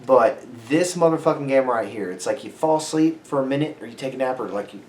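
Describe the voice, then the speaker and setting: A man's voice: mid-range voice, animated, fast, darkish tone, echoey room, slight background noise. Brash swearing young man ranting about football. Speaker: podcast co-host. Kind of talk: profane sports podcast banter.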